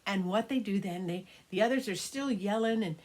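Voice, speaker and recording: Older woman, grandmother storyteller, husky breathy voice, animated, hushed whispers, children's story. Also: medium pitch, normal speed.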